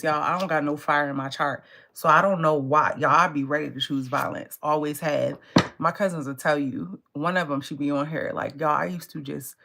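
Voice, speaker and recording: A woman's voice: low-pitched, gravelly, fairly bright tone, slight background noise. A woman tarot reader talking in a casual, blunt and profane way, laughing often. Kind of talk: casual live tarot reading.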